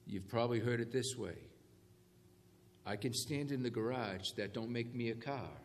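A man's voice: mid-range voice, normal speed. Male preacher, sermon, call-and-response, long hall echo, faint room noise. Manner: call-and-response, animated emphasis on key phrases. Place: church hall. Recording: echoey hall with faint ambience.

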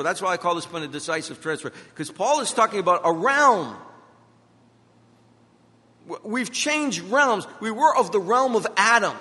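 A man's voice: high voice, pushed and bright. A middle-aged man preaching a sermon as pastor, driving his points home with emphatic repetition and personal stories. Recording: long reverb of a hall.

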